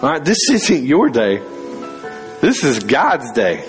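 A man's voice: medium pitch, huge pitch swings, takes it slowly, music in the background. A young man preaching a fervent sermon in church, on a stage mic. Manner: fervent, rising to loud dramatic scripture reading. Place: church sanctuary. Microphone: handheld or stage mic.

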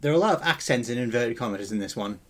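Male co-host, easygoing, mid-pitched voice, casual chat. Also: animated, fast talker, a bit bright. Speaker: podcast co-host.

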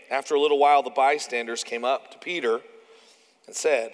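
A man with a Canadian accent preaching a conversational sermon, animated and often acting out the quotes he tells. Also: mid-range voice, fairly quick. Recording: long hall reverb.

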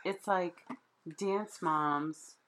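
A woman co-hosting a podcast in casual chat, chatty and quick to laugh. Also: on the low side, fairly bright tone, slight background noise. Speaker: podcast co-host.

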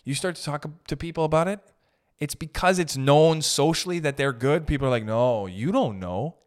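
A man's voice: on the high side, a little fast, clear, resonant tone. Man ranting casually on a podcast. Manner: profane, ranting, animated opinions. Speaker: podcast host. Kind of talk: casual chat.

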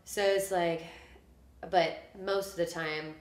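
A woman musician in casual conversation, telling a story with a lot of animated detail and acting out what people said. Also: on the low side, slow, roomy sound. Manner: chatty storyteller, acts out quotes. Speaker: musician guest. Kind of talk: casual chat.

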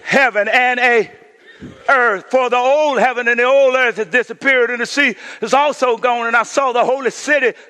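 A middle-aged male pastor preaching a sermon, calling on the congregation to answer back, swinging between shouted climaxes and hushed passages. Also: very high voice, steady tone, moderate pace, long reverb tail.

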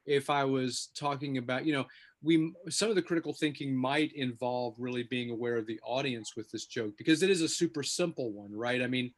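A man's voice: medium pitch, a little fast. A man co-hosting a podcast in casual chat, hedging and rambling with lots of fillers. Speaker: podcast co-host telling jokes.

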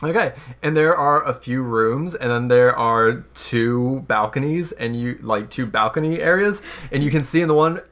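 A man narrating as game master, relaxed and teasing, laughing often as he describes scenes. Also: medium pitch, moderate pace, hardly any pauses.

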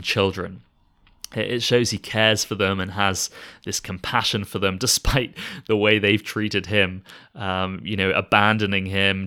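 Earnest man preaching in a conversational tone. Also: mid-range voice. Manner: earnest and warm, often repeats words as he restarts phrases; reads scripture aloud and acts out short quoted lines. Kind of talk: conversational sermon.

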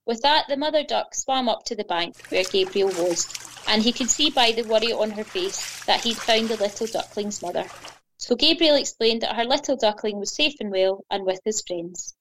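Gentle woman reading a children's story. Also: fairly high pitch, moderate pace, a little hiss or hum, rough recording. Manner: gentle, expressive.

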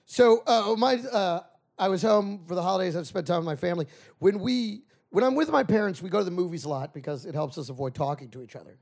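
A man co-hosting a comedy podcast, telling stand-up stories and acting out bits with loud shouted asides. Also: high-pitched, quick pace, gravelly. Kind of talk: casual comedy podcast chat.

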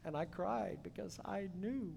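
A man preaching a sermon in a church, swinging between loud emphatic peaks and soft hushed asides. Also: unhurried, vocal fry. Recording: long hall reverb, faint rumble.

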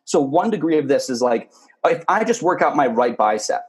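A man's voice: fairly high pitch, very animated, moderate pace. A man in a casual podcast chat, talking in a thoughtful, rambling way with plenty of fillers.

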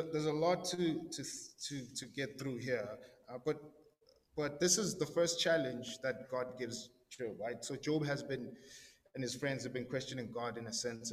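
A young man teaching a casual sermon to a live group in a large hall, talking conversationally with frequent restarts and checking in with his listeners. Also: mid-range voice. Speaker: pastor teaching a Bible study. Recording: long hall reverb, faint background noise.

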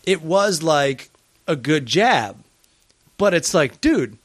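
A man's voice: a little high, takes it slowly, slightly rough, no room sound. Profane storytelling comic man, dry mic. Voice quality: profane, animated storyteller who acts out quotes. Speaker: touring stand-up comic, podcast guest. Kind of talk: casual storytelling chat. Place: hotel room.

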